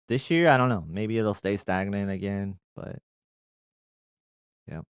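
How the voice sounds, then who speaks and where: Smooth low-voiced male tech host. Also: a little slow, dry recording, clean studio sound. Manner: conversational, reads comments aloud then rambles with fillers. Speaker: tech channel host answering viewer comments. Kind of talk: casual live chat.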